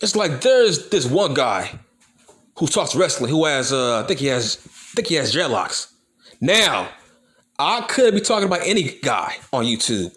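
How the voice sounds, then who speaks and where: A man's voice: fairly high pitch, very animated, normal speed, fairly bright tone. A man ranting about wrestling to his viewers in a heated, profane way, repeating his points for emphasis. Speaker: wrestling YouTuber. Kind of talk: profane opinion rant to camera.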